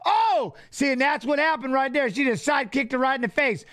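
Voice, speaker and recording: A middle-aged man hosting a fight watch-along, animated, coaching the fighters and chatting with viewers. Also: very high-pitched, brisk, background noise. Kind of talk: live watch-along commentary and chat reading.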